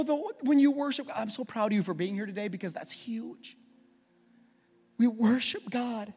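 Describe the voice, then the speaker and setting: A man with a high voice preaches to his church. He drops to a near hush, then climbs to loud, repeated calls. A long reverb trails his words around the sanctuary. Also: moderate pace, husky, faint music behind. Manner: swings from hushed to shouting with many repeats. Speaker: pastor. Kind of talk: sermon.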